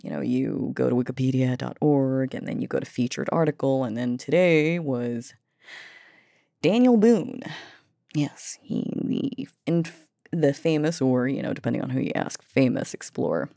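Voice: medium pitch, moderate pace, gravelly, dark tone, no echo, studio quality. A vlogger talking casually about voice practice, rambling, swearing and laughing at themselves. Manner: rambling, profane, self-mocking, laughs a lot. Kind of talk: casual voice-training vlog.

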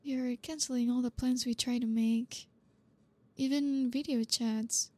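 Woman doing a blunt reserved friend, high flat voice, slow halting talk, soft husky tone, audio role-play. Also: no room sound. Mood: blunt, confronting. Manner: halting, awkward, stumbling over words. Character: blunt reserved young woman friend, gruff but caring.

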